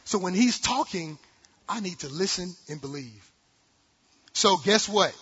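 A man preaching a sermon with animated delivery, acting out quotes and jokes. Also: high voice, a little slow, husky. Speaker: pastor. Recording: dull sound in a large reverberant hall.

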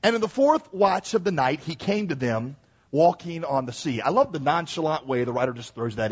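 A man preaching a lively sermon to a congregation, reading scripture aloud and acting out the speakers in it. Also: on the high side, moderate pace, slightly rough, muffled recording. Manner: animated preaching, acts out Bible voices. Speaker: pastor.

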